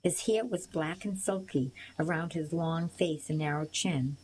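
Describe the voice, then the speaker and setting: A woman narrates a storybook in the first person, with a lowish voice and a steady, measured pace. Faint hiss sits under the recording. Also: low-quality recording. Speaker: audiobook reader.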